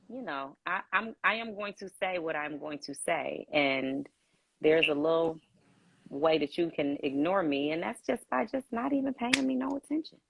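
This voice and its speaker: A woman's voice: low-pitched, vocal fry, a bit bright, dry recording. A woman hosting a casual livestream on her phone, telling stories in a blunt, candid way. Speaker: host of a livestream. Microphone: phone on a video call.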